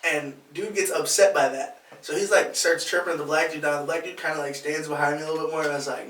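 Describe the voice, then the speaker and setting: Far from the microphone in a roomy room, a male podcast co-host talks fast with few pauses, his voice a little high. His casual story is animated: he impersonates the people in it and laughs as he goes.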